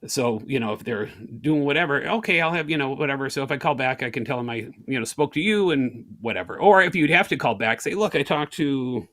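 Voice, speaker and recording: A man's voice: mid-range voice, fast talker, hardly any pauses. A middle-aged man from the United States telling everyday stories in a casual interview, acting out both sides of small conversations in changing voices. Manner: animated, acts out little scenes of talk in shifting voices. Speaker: guest speaker.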